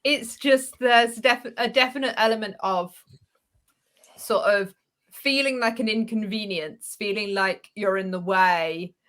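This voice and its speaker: A woman guest in a casual chat, talking in a wry, measured way. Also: medium pitch, fairly bright tone. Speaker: guest, podcast co-host.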